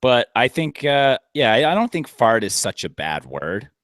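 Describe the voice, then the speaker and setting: A man's voice: mid-range voice, big pitch swings, moderate pace, fairly bright tone, no echo, studio quality. A man co-hosting a casual podcast, making wry joking asides. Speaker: podcast co-host. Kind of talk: casual banter.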